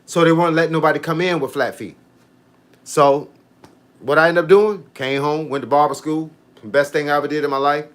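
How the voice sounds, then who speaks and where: Animated man in his fifties. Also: on the high side, fairly quick. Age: 50s. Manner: animated, storytelling, reading out viewer comments. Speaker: fitness coach. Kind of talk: casual livestream chat.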